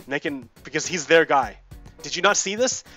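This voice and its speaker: Let's-play host, male, slightly high voice, heated and repetitive casual rant with swearing. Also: expressive, brisk, pushed and bright, soft background music. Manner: heated, profane, repeats himself. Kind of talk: casual political rant while gaming.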